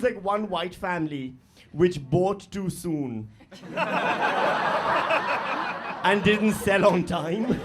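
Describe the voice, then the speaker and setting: A man's voice: sits high, background noise. A middle-aged man performing a stand-up comedy set on a live stage, profane and rambling, full of fillers and talking straight to the audience.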